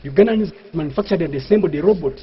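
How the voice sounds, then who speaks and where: A man's voice: on the high side, racing, background noise. A man doing a stand-up comedy routine, with a mock-pompous manner and grand words, over audience laughter. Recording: dull lo-fi live recording.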